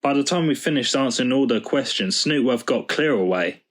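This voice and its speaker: A man doing a stern, grim gentleman. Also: mid-range voice, expressive, a little fast, close to an everyday voice. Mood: firm. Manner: grim, firm. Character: stern respectable middle-aged man.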